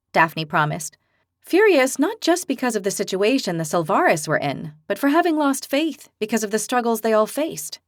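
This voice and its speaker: A woman narrating a fantasy audiobook, telling the story expressively. Her voice is fairly high with a wide, animated range, and the recording is dry and close. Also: moderate pace, no echo. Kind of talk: scripted narration.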